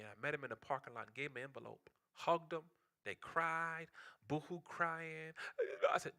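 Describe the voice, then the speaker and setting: A man preaching with passion in a church. His voice is very bright and rings out, with a lively, wide-ranging pitch. He moves from loud outcries to hushed near-whispers. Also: normal speed. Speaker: pastor. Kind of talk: sermon.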